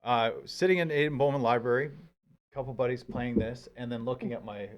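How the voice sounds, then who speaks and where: A man chatting on a podcast, laying out an old memory step by step. His tone stays plain and relaxed. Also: mid-range voice, slight background noise. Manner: reminiscing, unhurried explanations. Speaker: podcast guest. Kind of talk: casual chat.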